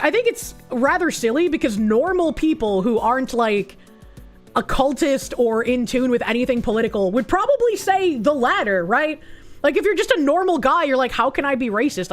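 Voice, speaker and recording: A woman's voice: on the high side, animated, fairly quick, faint music behind. A woman with a Boston accent, a streamer reading donation messages in casual chat with sarcastic, laughing asides. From United States.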